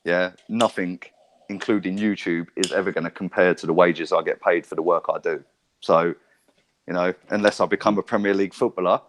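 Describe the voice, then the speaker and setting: A man's voice: sits low, fairly even intonation, a little fast. A man, telling rambling stories and swearing freely as a podcast co-host. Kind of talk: casual chat.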